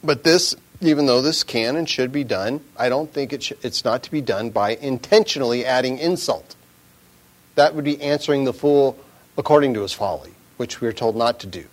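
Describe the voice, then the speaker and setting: A man preaching in an unhurried, conversational manner, pausing on his words and quoting scripture. His voice sits at an ordinary middle pitch. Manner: slow, measured, conversational, drops to a whisper at times. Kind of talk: informal sermon.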